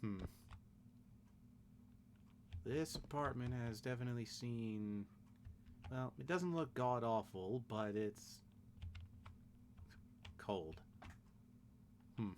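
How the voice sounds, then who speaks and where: A man's voice: mid-range voice, slow, pauses often, a little hiss or hum. A young man streaming a horror game, chatting casually in a rambling, jokey, self-deprecating way. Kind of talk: casual let's play commentary.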